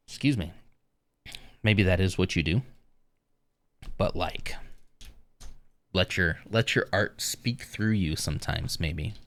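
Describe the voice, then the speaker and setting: A man's voice: low-pitched, very animated, takes it slowly, pauses often, fairly bright tone. A man streaming live, chatting casually with viewers in a rambling, easygoing way with lots of fillers.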